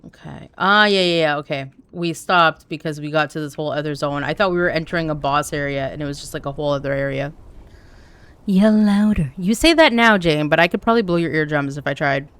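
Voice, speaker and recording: A woman's voice: deep voice, steady tone, fast talker, few pauses, a bit bright, clean tone. A woman streaming a game live, chatting candidly and jokingly with her viewers as she plays. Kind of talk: casual chat while playing live.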